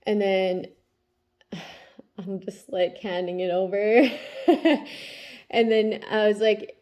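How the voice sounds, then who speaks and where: A woman's voice: mid-range voice, fairly even intonation, a little slow, pauses often, darkish tone. A woman in her thirties, a tarot reader talking casually about her day and her kids, often checking in with "okay?" as she goes. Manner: chatty, tags lines with "okay?". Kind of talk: casual spiritual vlog talk.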